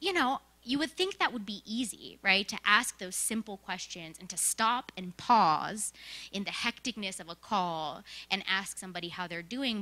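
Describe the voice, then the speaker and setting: A young woman giving a casual, animated talk about her work, telling stories and often checking in with "right?" and "like". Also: mid-range voice. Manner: animated storytelling with frequent "right?" and "like". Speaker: presenter sharing work experience. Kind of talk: conversational presentation.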